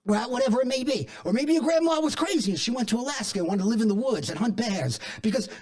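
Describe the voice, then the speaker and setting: A man playing a paranoid, rambling flat-earth conspiracy theorist and chain smoker, in a comedic monologue to camera. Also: extremely high pitch, fast talker. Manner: rambling, digressive, self-contradicting; defensive, insists he is not crazy. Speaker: comedy character host.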